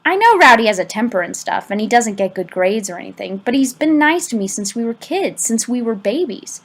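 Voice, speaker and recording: A woman's voice: a little high, sing-song, fairly quick. A woman reading the lines of an anxious, bullied teenage boy in an amateur audiobook, sounding defensive and pleading.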